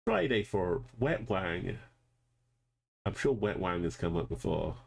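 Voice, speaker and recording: Male streamer, low and gravelly, relaxed live-commentary delivery while playing. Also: a little slow. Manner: thinks aloud, greets chat viewers. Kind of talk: casual live gameplay commentary.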